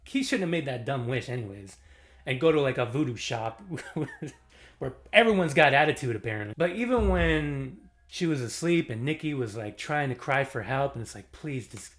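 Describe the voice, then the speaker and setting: A man giving a casual movie review, animated and slangy, laughing often as he talks. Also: mid-range voice, moderate pace.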